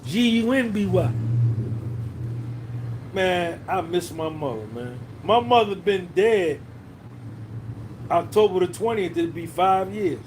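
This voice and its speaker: A man's voice: high-pitched, lively intonation, slow, long pauses, noisy background. A man hosting a podcast livestream, talking casually and profanely, reminiscing and reading out viewers' names. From New Jersey. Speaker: podcast host.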